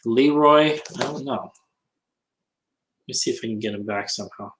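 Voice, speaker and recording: A man's voice: on the low side, a little fast, background noise. A man on a casual livestream hangout, chatting and reading comments while he works, often muttering to himself.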